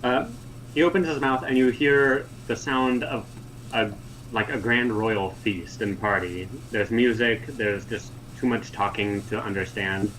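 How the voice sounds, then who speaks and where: A man narrating as game master in an online tabletop game, descriptive and unhurried, with many "uh"s and "like"s. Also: fairly low pitch, fairly even intonation, fairly bright tone, a little hiss or hum, low-quality recording.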